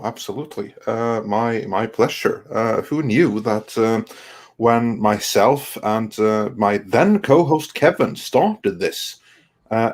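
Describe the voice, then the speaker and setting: Husky guy thanking folks on a stream, lots of uhs. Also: mid-range voice. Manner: halting, many uh fillers. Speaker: channel founder and host. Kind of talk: casual livestream chat.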